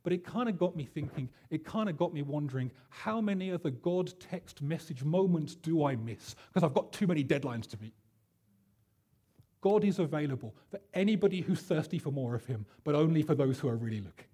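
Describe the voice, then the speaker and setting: A pastor delivering a sermon in a chatty, self-deprecating storytelling way, with plenty of fillers. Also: male voice, a little high, animated, brisk, dark tone, slightly rough.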